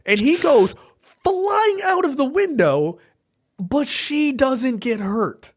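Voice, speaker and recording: A man's voice: extremely high pitch, slow pace. A man co-hosting a movie review podcast, casually retelling scenes with laughs and acted-out lines. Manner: animated, laughing, acts out film scenes. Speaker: podcast co-host.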